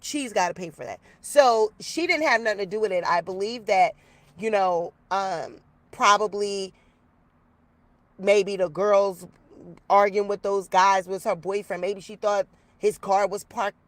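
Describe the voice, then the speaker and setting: This woman's medium-pitched voice comes across unhurried and dry as she shares a story outdoors in the rain. She's a YouTuber in a casual, chatty mood, animatedly calling her viewers y'all.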